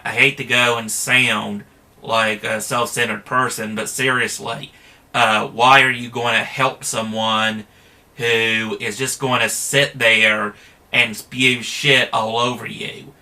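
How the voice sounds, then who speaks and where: A man's voice: mid-range voice, little pitch movement, slow, pushed and bright. A man talking in a casual, rambling monologue, plain-spoken, with frequent fillers and restarts.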